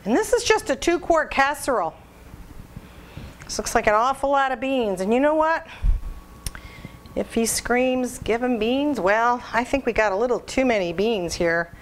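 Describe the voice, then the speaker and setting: A woman's voice: on the high side, lively intonation, moderate pace, slight background noise. Chatty woman host of a cooking video. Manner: chatty and folksy, laughs at herself, talks to viewers as "guys". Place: home kitchen.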